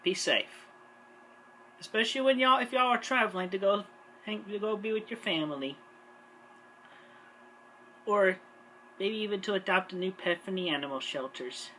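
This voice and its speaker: A woman's voice: mid-range voice, moderate pace, long pauses, pushed and bright, poor audio. Easygoing woman with faint hiss behind. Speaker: vlogger. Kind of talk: holiday greeting vlog.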